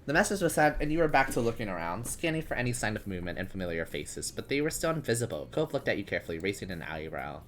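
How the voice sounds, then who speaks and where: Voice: medium pitch, very animated, fast talker, hardly any pauses, fairly bright tone, faint music behind. A host narrating an interactive story in second person, laughing now and then while reading.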